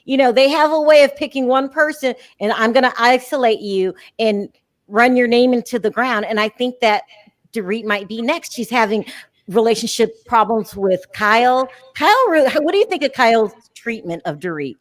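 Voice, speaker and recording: A woman's voice: a little high, moderate pace, dry recording, clean studio sound. A woman hosting a live call-in recap show, chatting casually with strong opinions and frequent laughs. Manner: opinionated, animated, laughs often. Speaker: podcast host.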